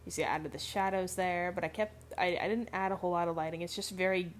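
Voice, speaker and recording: A woman's voice: fairly low pitch, steady tone, quick pace. A woman narrating a voice-over about her own drawings in casual, rambling chat, congested and swearing freely. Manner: rambling, loose and swearing a lot. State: congested, nasal. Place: home recording, voice-over over drawing footage.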